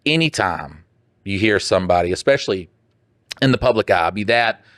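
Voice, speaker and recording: A man's voice: lowish voice, lively intonation, moderate pace, dry recording, clean studio sound. A man co-hosting a podcast in crude casual chat, blunt and profane, reading listener letters aloud. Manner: blunt, profane, mocking put-on voices. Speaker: podcast co-host.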